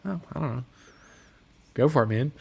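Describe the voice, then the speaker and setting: Man, livestream host, casual chat, relaxed and rambling, lots of ums, talking from a workshop. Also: medium pitch, normal speed, gravelly, husky. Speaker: motorcycle company host reading viewer comments. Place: motorcycle workshop.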